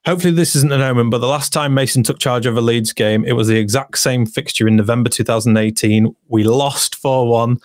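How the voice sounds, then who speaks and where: A man's voice: medium pitch, a little fast, hardly any pauses, dry recording, clean studio sound. A man co-hosting a casual football podcast, chatting and reading out listener messages. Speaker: podcast co-host.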